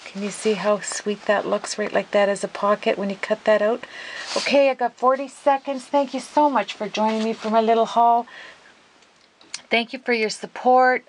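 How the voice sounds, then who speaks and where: A woman hosting a casual craft video, gushing and excitable as she talks viewers through her work. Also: a little high, normal speed, a little hiss or hum, poor audio. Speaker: craft vlogger.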